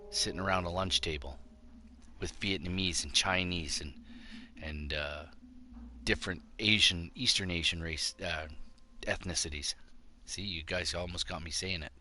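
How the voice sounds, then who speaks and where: A man's voice: low voice, fairly even intonation, moderate pace, pushed and bright, a little hiss or hum. A middle-aged man hosting a show, delivering a blunt, combative opinion monologue. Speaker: show host.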